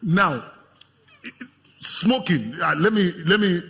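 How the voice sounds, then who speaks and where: A Nigerian man preaching a lively sermon to his congregation as pastor, acting out the voices of tempters in his stories. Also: sits high, unhurried. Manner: animated, acts out voices of tempters, laughs with congregation. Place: church hall with congregation. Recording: long hall reverb.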